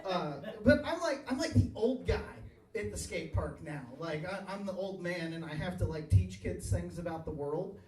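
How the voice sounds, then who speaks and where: A high-pitched man in his thirties rambles through a crude stand-up routine and keeps chuckling at his own punchlines. His voice rings around an echoey bar and sounds picked up from a distance. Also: lively intonation, moderate pace, a little mellow. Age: 30s. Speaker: stand-up comedian. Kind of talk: stand-up comedy set. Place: bar stage, live audience. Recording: echoey bar recorded from afar.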